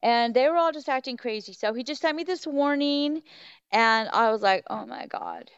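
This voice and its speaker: A woman guest on a podcast telling a personal story in a casual, animated way, acting out what people said. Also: high-pitched, normal speed, clear, resonant tone, no echo. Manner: animated, acts out quoted voices. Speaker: podcast guest, Bigfoot researcher. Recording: dull lo-fi, dry.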